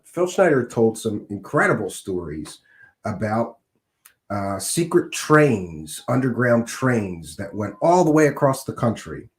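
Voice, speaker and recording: A middle-aged man hosting a podcast, hoarse and scratchy from a cold, talking casually with many fillers. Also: medium pitch, echoey room. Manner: conversational, with frequent uh and um fillers. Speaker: podcast host.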